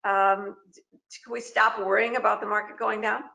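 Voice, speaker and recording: A woman's voice: medium pitch, level tone, moderate pace, gravelly, sharp tone, poor audio. A woman moderating a webinar panel over a video call, chatty and emphatic, firing off pointed questions.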